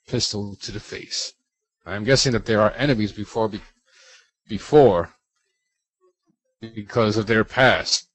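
A man's voice: fairly low pitch, rough recording. A man co-hosting a casual podcast, rambling a bit as he reads out listener mail. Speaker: podcast co-host.

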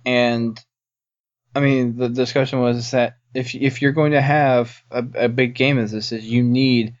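A man's voice: mid-range voice, fairly even intonation. Insistent man on a podcast. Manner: insistent, quick to correct others. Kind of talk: casual gaming podcast chat. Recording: dull lo-fi podcast audio.

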